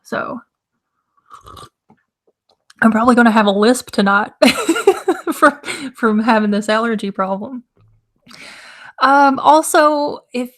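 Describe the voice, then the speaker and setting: A young woman hosting a casual live stream, her throat hoarse and scratchy, chatting loosely and greeting viewers in the chat. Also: a little high. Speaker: livestream host.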